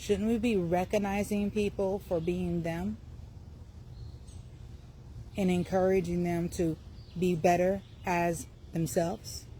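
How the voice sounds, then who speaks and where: Her voice lowish, a woman livestreams casually from outdoors by her car, talking to viewers over a phone with animation and lots of laughter. She speaks slowly with long pauses, and a little hiss or hum runs under the sound.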